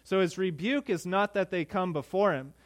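A young man preaching a sermon to his congregation, chatty and joking, voicing the disciples' pleas as he goes. His voice sits a little higher than most men's. The sound is dry and close, with no room echo. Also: moderate pace. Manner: conversational, joking asides, acts out the disciples' pleas. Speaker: pastor.

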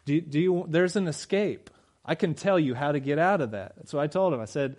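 A man's voice: a little high, normal speed, darkish tone. A man preaching a sermon, talking conversationally and driving his points home with rhetorical questions. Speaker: pastor.

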